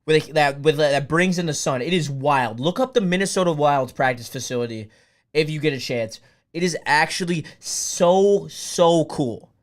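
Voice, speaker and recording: A young man with a voice a bit higher than most, talking loosely to his live chat. He drifts between relaxed, rambling asides and loud bursts of excited cheering. It sounds like an unscripted live stream. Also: moderate pace. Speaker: streamer hosting a draft watch party.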